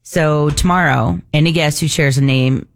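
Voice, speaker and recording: A woman hosting a radio morning show, chatting casually and running through promos quickly. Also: deep voice. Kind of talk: casual on-air banter.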